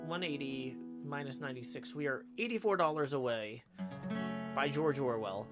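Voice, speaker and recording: Guy rambling on his stream, lots of uh and um, ordinary pitch, guitar music loud in the back. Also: expressive, normal speed. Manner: rambling, full of fillers and restarts. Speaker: streamer host. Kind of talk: casual chat.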